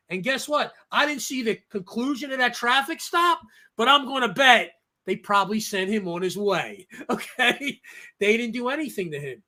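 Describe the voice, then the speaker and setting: With a high-pitched, fairly bright tone, a man co-hosts a casual talk show. He tells stories emphatically in an easygoing podcast chat, often ending his points with "okay?"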